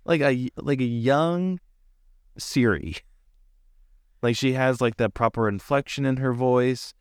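A man's voice: mid-range voice, slow, clean tone, dry recording, studio quality. A man co-hosting a casual movie review podcast, chatty and full of fillers. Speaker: podcast co-host.

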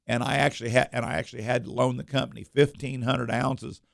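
A man with a deeply gravelly, fry-heavy voice tells shop stories on a talk radio show. He rambles and restarts, doubling up words as he goes. The sound is dry and close, with no room around it. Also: fast, dry recording. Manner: rambling, repeats words and restarts, animated anecdotes. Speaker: coin shop owner, radio guest.

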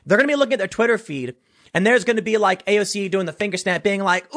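A man's voice: high-pitched, animated, rapid-fire, a bit bright. A man hosting a political commentary show, talking casually and sarcastically, reading news stories aloud and mocking people in quoted voices.

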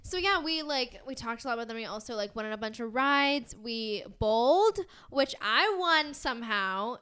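She is a young American woman co-hosting a chatty podcast, her voice sitting a little high. She rambles along with plenty of fillers and breaks into giggles. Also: animated, normal speed, bright, forceful tone, smooth. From United States. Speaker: podcast co-host. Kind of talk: casual chat.

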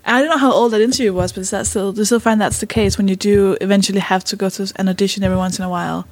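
A woman's voice: mid-range voice, fairly even intonation, darkish tone. A woman hosting a casual podcast chat, agreeing sympathetically with her guest. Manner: sympathetic, quick to laugh along. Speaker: podcast host.

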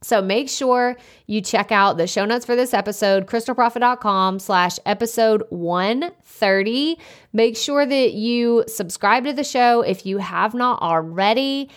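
A woman hosting a solo podcast, talking loudly and energetically in a casual, chatty way into a close microphone. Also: a little high, unhurried. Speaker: podcast host. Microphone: studio podcast microphone up close.

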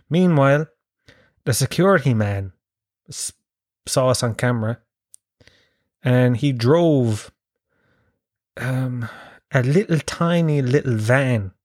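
An Irish man in his thirties rambles through comic stories on his podcast, swearing freely and poking fun at himself. His voice sits at an ordinary middle pitch, and the close mic sounds dry with no room around it. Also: no echo. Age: 30s. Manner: rambling, sweary, self-mocking. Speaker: podcast host. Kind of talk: casual comic storytelling monologue.

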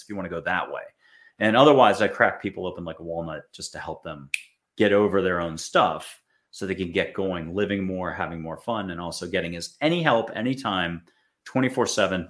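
A man from the United States giving a casual spiritual talk to an audience, chatty and acting out little quoted voices. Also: low-pitched. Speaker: spiritual speaker.

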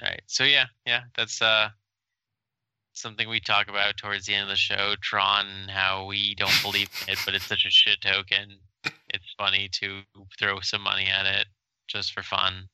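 A man's voice: fairly low pitch, completely flat delivery, normal speed, sharp tone, smooth, dry recording, low-quality recording. A man who moved to the country as an adult, co-hosting a casual podcast in a laid-back, hesitant way. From abroad, moved to the US. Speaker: podcast co-host. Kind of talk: casual chat.

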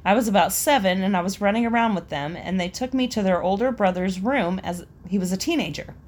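A woman's voice: medium pitch, brisk, darkish tone. A young woman casually reading out embarrassing stories and laughing between them. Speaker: storyteller reading listener stories.

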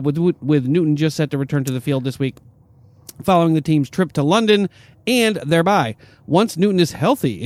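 A man with a slightly raised voice hosts a sports talk show. He reads news items in a brisk, steady way and then hands off to his co-hosts. The sound is dry and close. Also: a little high, dry recording. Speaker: podcast host.

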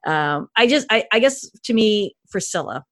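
A woman co-hosting a podcast, chatting enthusiastically with many quick restarts. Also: medium pitch, expressive, no room sound, studio quality. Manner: enthusiastic, gushing, frequent restarts. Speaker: podcast co-host. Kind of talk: casual podcast chat.

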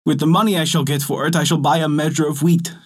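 A man voicing a poor, frightened fisherman in a storybook tale, speaking high and pleading. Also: wildly swooping pitch, moderate pace, fairly bright tone, exaggerated voice. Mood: hopeful.

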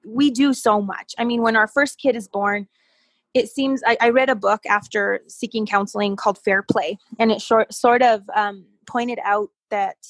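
A woman in her thirties telling a story in a relaxed, conversational way. Her voice sits a bit high and has a husky edge, and the sound is close and dry. She gets animated, laughs easily and stumbles over repeated words. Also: dry recording. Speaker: podcast guest.

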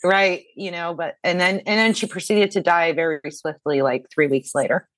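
A woman's voice: lowish voice, normal speed, dry recording. A woman talking as a guest in a casual chat, wry and laughing at her own stories.

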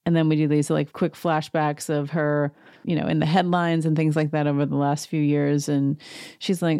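A woman's voice: deep voice, little pitch movement, normal speed, mellow, no echo, clean studio sound. A woman hosting a casual reality TV recap who talks in a sarcastic, gossipy, chatty way.

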